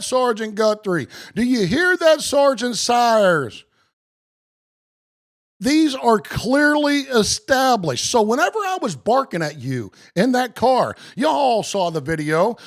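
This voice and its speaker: A man live-streaming, joking with viewers by name and reading case law aloud slowly and with emphasis. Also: extremely high pitch. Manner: slow, emphatic reading of legal text.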